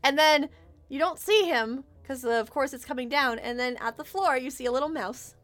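Woman game master, high and bright, chatty with fillers. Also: moderate pace. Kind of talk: narrating a tabletop game.

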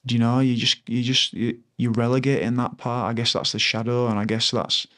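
A former rugby player in his thirties appears as a guest on a conversational podcast, speaking in an ordinary middle-pitched voice that's fairly bright. He's reflective and earnest, brisk with little pitch movement, and circles back to restart sentences while searching for words.

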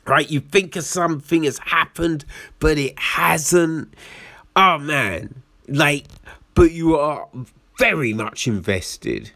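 A man's voice: on the high side, lively intonation, slow pace, gravelly, pushed and bright, no echo, clean studio sound. A man giving a casual film review in a chatty way, laughing often and asking "right?" after his points.

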